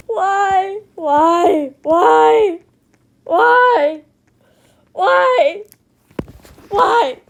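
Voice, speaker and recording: A woman's voice: extremely high pitch, big pitch swings, takes it slowly, vocal fry, fairly bright tone, soft background music, poor audio. A woman giving dramatic, exclamatory gameplay commentary as she plays. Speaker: gamer.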